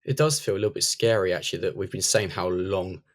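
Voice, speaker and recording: A man hosting a podcast, reading a scripted intro and then asking his guests questions in a measured way. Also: deep voice. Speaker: podcast host.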